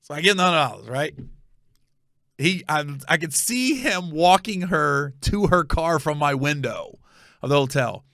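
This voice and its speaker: Gravelly man telling a profane story. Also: on the high side, moderate pace, no echo, studio quality. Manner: animated, profane, acts out every voice. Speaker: comedian host. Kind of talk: casual storytelling.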